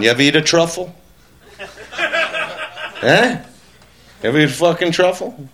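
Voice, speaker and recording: A man doing a crude, brash stand-up routine with an excitable, punchy delivery. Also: mid-range voice. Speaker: stand-up comedian.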